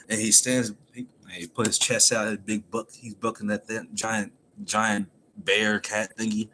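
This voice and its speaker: A man's voice: lowish voice, unhurried, a little hiss or hum. Laughing man recapping a comic chapter. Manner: animated, laughs often while retelling. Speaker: manga chapter reviewer. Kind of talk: casual recap.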